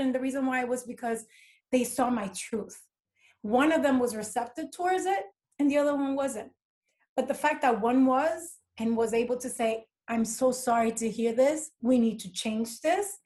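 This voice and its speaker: A middle-aged woman speaking as a podcast guest, candid and emphatic as she tells stories from her working life. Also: sits high. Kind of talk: casual conversation.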